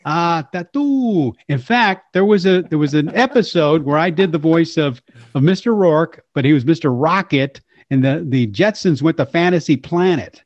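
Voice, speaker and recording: Older male storyteller, animated and playful, raised pitch, dull lo-fi dry sound. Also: moderate pace. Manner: lively, slips into character voices. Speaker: voice actor and impressionist guest.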